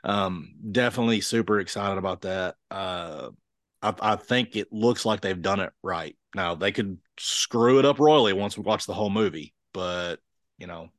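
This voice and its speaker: A man's voice: deep voice, moderate pace, dry recording, studio quality. A middle-aged man with a Kentucky Southern accent, co-hosting a casual chat over a video call and acting out quoted voices. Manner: animated storyteller, acts out quoted voices. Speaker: podcast co-host.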